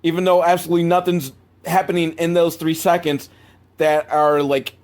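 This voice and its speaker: A man's voice: fairly high pitch, little pitch movement, moderate pace, a little mellow. A man talks through a cheap movie in loose, rambling asides, swearing casually and hedging with lots of "like" and "I don't know." He laughs at the film's sloppiness as he goes, in an unscripted, conversational way. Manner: rambling, profane, laughs at bad filmmaking. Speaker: movie reviewer host.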